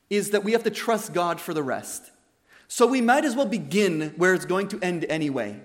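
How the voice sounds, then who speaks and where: A man's voice: high-pitched, lively intonation, normal speed. A man preaching a wedding sermon as the officiating minister, earnest and emphatic, often repeating his key phrases. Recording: long hall reverb.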